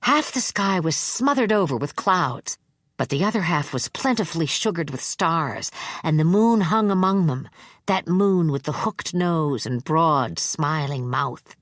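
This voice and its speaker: Female audiobook narrator, deep register, measured delivery, dry close recording. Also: dry recording. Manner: measured, even storytelling. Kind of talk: scripted narration.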